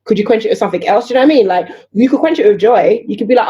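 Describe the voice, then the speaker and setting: Fast-talking mellow woman. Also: medium pitch, highs cut off. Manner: animated, rhetorical questions, acts out voices of others. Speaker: guest entrepreneur. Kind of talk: casual podcast conversation.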